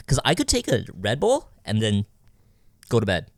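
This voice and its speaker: A man's voice: fairly low pitch, wildly swooping pitch, normal speed, darkish tone, no room sound, studio quality. A man co-hosting a podcast in casual chat, loose and rambling, laughing often. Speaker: podcast co-host.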